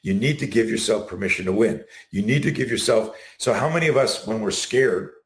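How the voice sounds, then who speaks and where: A middle-aged man being interviewed, talking in an animated way and acting out the quotes in his stories. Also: on the low side, fairly quick. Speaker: guest. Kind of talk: casual interview. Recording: roomy echo.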